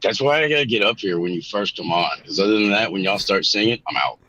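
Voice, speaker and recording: A man on a panel, chatting casually, blunt and swearing freely as he tells animated stories. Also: lowish voice, quick pace, no echo. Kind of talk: casual chat. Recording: dull lo-fi mic.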